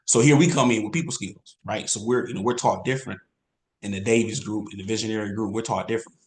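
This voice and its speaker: A man giving an energetic, repetitive sales training talk as an insurance coach. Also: on the low side, quick pace. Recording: roomy echo.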